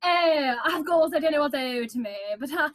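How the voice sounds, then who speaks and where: A woman voicing a pompous, affected young bride from a period novel, in a shrill, exclaiming voice. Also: fairly quick, lightly acted. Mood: haughty.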